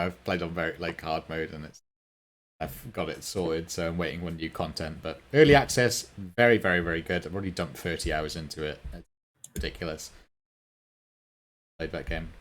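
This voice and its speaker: A man co-hosting a casual gaming podcast, enthusiastic and rambling, with many fillers. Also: deep voice. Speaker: podcast co-host.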